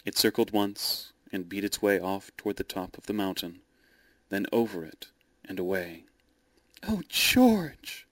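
Male narrator, low-pitched, even storybook reading, dry close mic. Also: moderate pace, dry recording.

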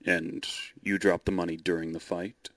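A man voicing a calculating male dragon, speaking in a dry, measured, quietly menacing way. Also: sits low, level tone, no room sound. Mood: dry, wary.

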